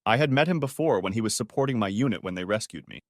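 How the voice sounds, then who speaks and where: A man narrating a story audiobook in a steady, expressive reading style. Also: lowish voice, fast talker, no room sound, studio quality.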